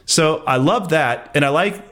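A man co-hosting a podcast in casual, animated chat, laughing often. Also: measured pace. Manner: animated, laughs often, rises in pitch when excited. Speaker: podcast co-host.

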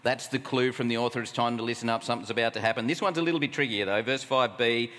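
A man's voice: medium pitch, quick pace, a bit bright. A man with an Australian accent preaching a sermon at a camp, conversational and full of rhetorical questions. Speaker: camp speaker. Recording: long hall reverb.

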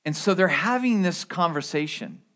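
A man's voice: on the high side, expressive, normal speed, fairly bright tone. A man preaching a sermon as pastor, in a conversational way with asides and restarts.

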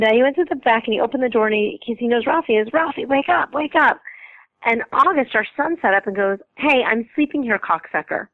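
A woman comedian telling anecdotes as a guest, lively and quick to laugh. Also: a little high, no echo, muffled recording. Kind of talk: casual storytelling interview.

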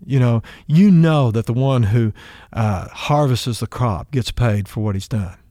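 Jesus, a man retelling as calm teacher. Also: medium pitch, a little slow, dry recording, clean studio sound, close to an everyday voice. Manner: plain conversational retelling with everyday words. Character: Jesus, calm patient male teacher at a well.

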